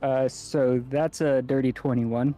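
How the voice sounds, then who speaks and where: Man, tabletop player, slow, mellow tone, hesitant, fillers. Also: medium pitch, steady tone, faint music behind. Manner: hesitant, with many fillers and restarts. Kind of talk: casual tabletop game chat.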